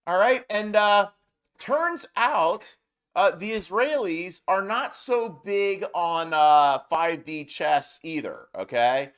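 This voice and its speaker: A man's voice: high voice, animated, takes it slowly, a bit bright, smooth. A man giving casual, exasperated reaction commentary. He rants and talks over the clips he plays. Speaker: political commentator.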